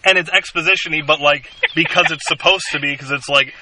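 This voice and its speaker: A man co-hosting a podcast in casual chat, jokey and sarcastic, quick to mock lines from movies. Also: on the high side, recorded from a distance, background noise. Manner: jokey, sarcastic, does mocking movie-line impressions. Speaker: podcast co-host.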